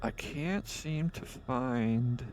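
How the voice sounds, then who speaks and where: A man's voice: medium pitch, drawn-out words, a little mellow, slight background noise. A man running a tabletop game, narrating casually and rambling with lots of fillers and restarts. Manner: mutters to himself while searching notes. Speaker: game master.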